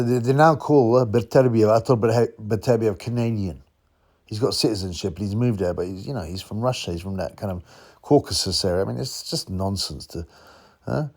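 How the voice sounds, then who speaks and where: A man's voice: fairly low pitch, a little mellow. A man hosting his own boxing channel, talking in a rambling, combative way with chuckling asides. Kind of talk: ranting commentary vlog.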